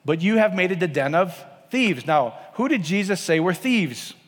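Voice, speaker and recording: A man's voice: high-pitched, very animated, normal speed, big-room sound. A man preaching a sermon in a casual, conversational way, often checking in with his listeners by asking them questions. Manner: conversational, asks the congregation frequent questions.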